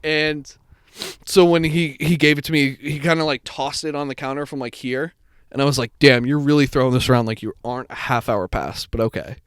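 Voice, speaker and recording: A man's voice: medium pitch, fairly even intonation, brisk, smooth, no echo, clean studio sound. A young man co-hosting a podcast, telling a long story in casual chat, swearing and acting out the people in it. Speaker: podcast co-host.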